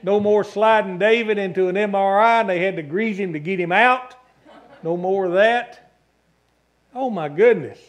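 A high-pitched male pastor preaches at a normal speed inside a church sanctuary. His sermon is emphatic, built on long repeated lists punctuated by calls for amen.

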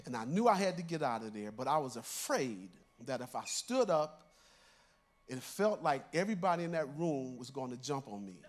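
A man's voice: mid-range voice, sing-song, normal speed. An older man, a church elder, preaching a sermon by telling a personal story in a conversational way and chuckling through his lines.

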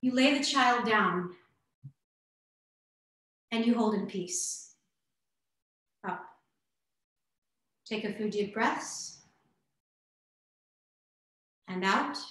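A woman dance instructor leading a guided movement exercise over a video class, narrating slowly step by step with coaching asides. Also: a little high, lively intonation. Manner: slow guiding narration in first person, warm coaching asides. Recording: very echoey room.

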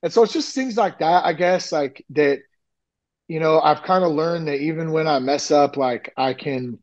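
Man, podcast guest, fairly high voice, rambling candid storytelling, muffled lo-fi sound. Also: normal speed. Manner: rambling, frequent "like" and "you know", animated retellings. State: nearly ten years sober. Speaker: podcast guest, recovery coach.

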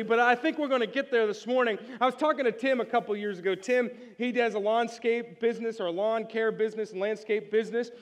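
A male pastor preaching a sermon, energetic and joking, calling on the congregation to answer back. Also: high voice, big-room sound. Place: church sanctuary.

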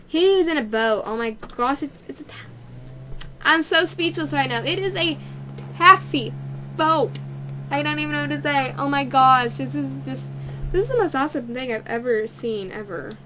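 High, bubbly young woman gamer. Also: fairly quick. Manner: bubbly, easily excited, gushing. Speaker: let's play host. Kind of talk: casual gameplay commentary.

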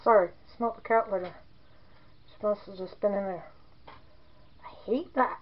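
A woman's voice: mid-range voice, fairly even intonation, fairly quick, muffled recording. A woman in her forties chatting casually as she demonstrates soap making, rambling into joking asides. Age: 40s.

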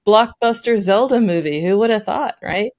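A woman's voice: medium pitch, moderate pace, darkish tone. A woman interviewing a game company executive in a friendly, conversational way. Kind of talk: interview questions.

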